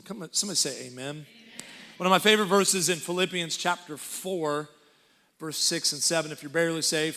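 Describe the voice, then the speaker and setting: Bright, lively young preacher man. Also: sits high. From Texas. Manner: animated, joking preacher calling for crowd response. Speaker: guest pastor. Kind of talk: energetic sermon. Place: church auditorium.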